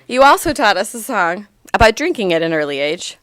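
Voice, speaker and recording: A woman in her thirties reading a eulogy for her grandfather aloud, heartfelt and gently humorous. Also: medium pitch, very animated, brisk, no room sound.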